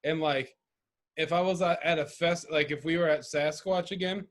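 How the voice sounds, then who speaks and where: A man's voice: on the high side, fairly even intonation, moderate pace. A man co-hosting a casual podcast chat, rambling and profane, often laughing. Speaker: podcast co-host.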